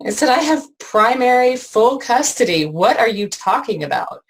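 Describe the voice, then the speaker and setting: A woman giving an emotional personal account as an interview guest, halting with many fillers and restarts. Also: on the high side, sing-song, poor audio.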